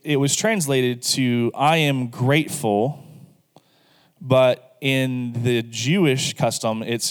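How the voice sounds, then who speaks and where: A man's voice: mid-range voice, smooth, big-room sound. A man preaching a sermon as pastor, speaking earnestly and directly to the congregation and leading them in prayer. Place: church sanctuary.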